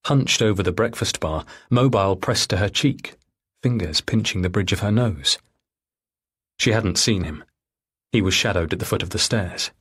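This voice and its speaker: Male audiobook narrator, lowish, husky, measured and steady. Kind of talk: scripted narration.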